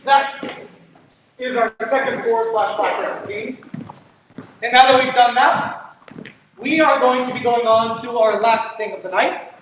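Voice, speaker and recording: A man's voice: very high voice, a little slow, long pauses, a bit bright, a little hiss or hum. A man hosting a student improv show, explaining the next game in a rambling, self-correcting way with many fillers. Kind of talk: explaining an improv format to an audience. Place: theater stage. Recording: echoey muffled stage from far off.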